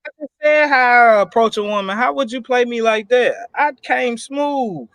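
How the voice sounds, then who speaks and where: Brief: high, lively man bantering, dry close sound, laughs a lot. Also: normal speed, smooth, no room sound. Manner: laughing, crude teasing. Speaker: podcast co-host. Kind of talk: casual banter.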